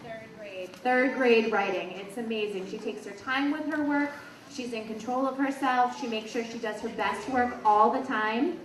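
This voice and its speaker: A woman's voice: a little high, normal speed. A woman teacher presenting awards to young students at a school assembly, chatty and encouraging. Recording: echoey hall, distant, noisy.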